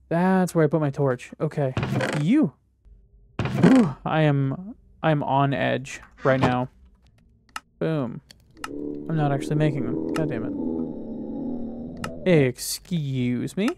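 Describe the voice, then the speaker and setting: A man's voice: a little high, vocal fry. A man giving casual gameplay commentary, jittery and swearing as he talks to himself and the game. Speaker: gaming video creator.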